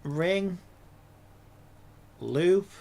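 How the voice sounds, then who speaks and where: A woman's voice: fairly low pitch, animated, extremely slow, gravelly, mellow. A woman, a game developer, talking to herself in a casual dev log, frustrated and swearing a lot.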